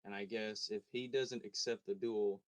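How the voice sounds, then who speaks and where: A man plays a tabletop role-playing game in a somewhat low voice. He talks plainly and dryly. His delivery stays matter-of-fact. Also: fairly even intonation, moderate pace. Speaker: player. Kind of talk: casual tabletop play.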